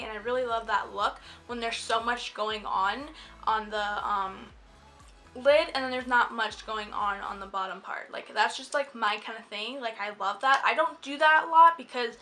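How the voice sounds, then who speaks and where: A young woman with a bright, fairly high voice talks through her makeup steps in a chatty voiceover. She rambles easily, filling gaps with ums and likes. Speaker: beauty vlogger. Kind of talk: casual makeup tutorial voiceover. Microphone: voiceover mic.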